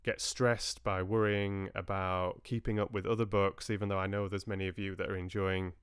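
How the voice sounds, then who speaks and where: A man who hosts livestreams and reads audiobooks chats with his live viewers in a friendly, rambling way, often restarting sentences. His voice is low, smooth and level at a moderate pace, with clean studio sound and no room sound.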